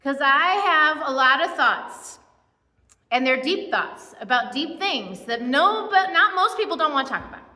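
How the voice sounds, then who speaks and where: Chatty high-voiced woman pastor, echoey hall. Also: animated, normal speed, pushed and bright. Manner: chatty, self-deprecating, many asides and fillers. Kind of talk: conversational sermon. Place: church. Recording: echoey church hall with long reverb.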